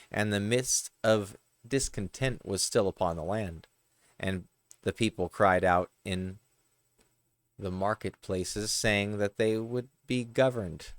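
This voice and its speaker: A man reading parables aloud, unhurried, with the odd slip and correction. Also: fairly low pitch, no room sound. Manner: unhurried, with occasional slips. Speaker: reader.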